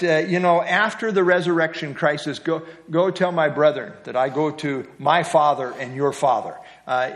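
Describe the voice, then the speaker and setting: A man's voice: fairly high pitch, fairly bright tone. A middle-aged man teaching an evening Bible study in a conversational way, asking his listeners questions. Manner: conversational, asks the group questions.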